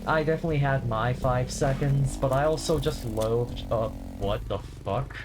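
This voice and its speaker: Low-voiced woman streaming a game. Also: moderate pace, over music. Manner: swearing, frustrated outbursts, sarcastic asides. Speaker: gaming streamer. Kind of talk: casual gameplay commentary.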